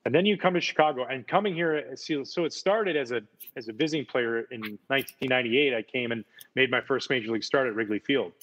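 A man's voice: mid-range voice, quick pace, fairly bright tone. Enthusiastic man telling stories, lo-fi sound. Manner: enthusiastic, repeats words. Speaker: former baseball player, guest. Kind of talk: casual chat, storytelling.

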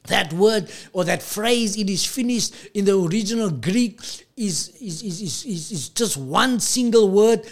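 A man preaching a sermon as pastor, emphatic and repetitive, slowing down to stress key lines. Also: high voice, lively intonation.

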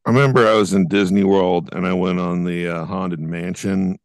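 Deep-voiced man chatting wryly. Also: steady tone, moderate pace, no room sound, clean studio sound. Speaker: podcast co-host. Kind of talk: casual chat. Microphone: video call.

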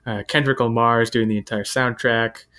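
A man hosting a casual chat, running through upcoming movies from an article with a relaxed delivery full of fillers. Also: medium pitch, normal speed, smooth. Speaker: host.

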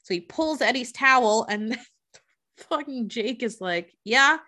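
A woman's voice: fairly high pitch, expressive, measured pace, bright, forceful tone. Chatty, profane woman recapping a movie. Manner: profane, chatty, acts out characters' lines. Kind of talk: casual movie recap storytelling.

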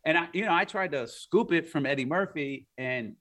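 A man as an interview guest, telling stories in a rambling, animated way with frequent laughs and fillers. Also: fairly high pitch, normal speed. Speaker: guest, art collector. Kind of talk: casual interview storytelling.

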